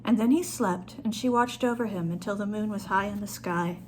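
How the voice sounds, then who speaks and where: A woman author reading her own short story aloud in a calm storytelling manner. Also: mid-range voice, moderate pace, a little hiss or hum.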